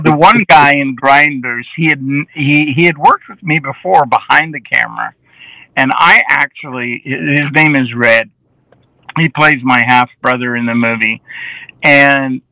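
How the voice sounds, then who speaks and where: Speaking in a mid-range, raspy voice with a bright, forceful edge, a film director energetically recounts behind-the-scenes stories in a casual interview and slips into the voices of people he quotes. The low-quality audio is close and dry, with no echo.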